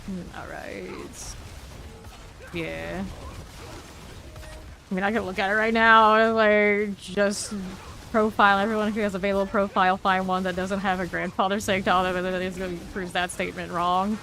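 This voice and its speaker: A woman with a medium-pitched, steady, creaky, fairly bright voice streams a game over soft background music. She chats casually with her viewers, reads their messages aloud and answers them, and mutters item names as she loots, tossing in quick asides.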